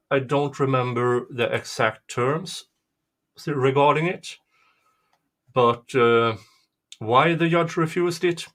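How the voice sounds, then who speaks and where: A male host answers viewer questions in relaxed commentary, speaking slowly and hesitantly as he thinks aloud. His pitch sits mid-range. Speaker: channel host.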